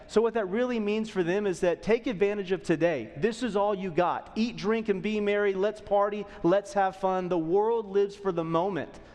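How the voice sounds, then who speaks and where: A man's voice: high-pitched, moderate pace, few pauses, a little mellow, long reverb tail. A man in his thirties preaching a sermon as a pastor, conversational and often checking in with the audience. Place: church auditorium.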